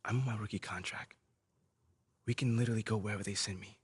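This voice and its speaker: A frustrated rookie baller. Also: male voice, on the low side, steady tone, quick pace, slightly rough. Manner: defensive, frustrated. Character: frustrated young rookie basketball player. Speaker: pro basketball player character.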